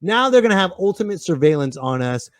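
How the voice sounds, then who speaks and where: A man hosting his comedy podcast, excitable and ranting, with sudden bursts of shouting. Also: sits high, brisk, dry recording, clean studio sound. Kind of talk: casual comedic monologue.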